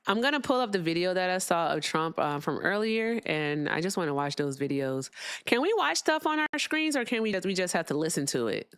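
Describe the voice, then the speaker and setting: A young woman hosts a casual livestream and chats away to her viewers. Her voice sits on the low side but moves a lot in pitch. It is recorded dry and close, with no room sound. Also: sing-song, brisk, a bit bright, smooth, no echo. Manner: chatty, talks to viewers, fiddles with sound settings. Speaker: livestream host.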